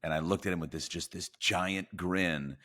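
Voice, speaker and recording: Very deep-voiced man telling a sales story. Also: normal speed. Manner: animated storyteller acting out dialogue. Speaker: podcast guest. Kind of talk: storytelling in a podcast interview.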